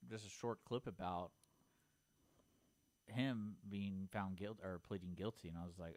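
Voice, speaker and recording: A young man co-hosting a radio chat show, quick to push back and contradict his co-host. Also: low-pitched, fairly even intonation, darkish tone. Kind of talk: casual on-air chat. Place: radio studio.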